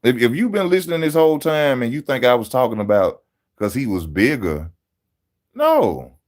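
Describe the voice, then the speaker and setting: A man talking casually on a live stream, animated and slangy, laughing often as he answers chat about boxing. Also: medium pitch, normal speed. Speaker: boxing channel host reading live chat.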